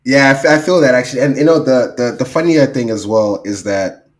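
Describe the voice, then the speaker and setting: A man co-hosting a podcast in casual chat, animated and laughing, acting out what others might say. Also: medium pitch, a little fast. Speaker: podcast co-host.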